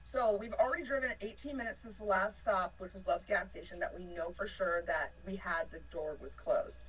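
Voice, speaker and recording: A woman from a touring band telling an animated story in a casual interview, laughing often and swinging between excitement and panic. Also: medium pitch, a little fast, breathy edge, distant mic, low-quality recording. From United States. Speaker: band member.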